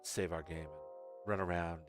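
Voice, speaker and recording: Over game music, a man with a low-pitched, level voice talks fairly quickly. He's streaming a game, joking and chatting casually as he plays.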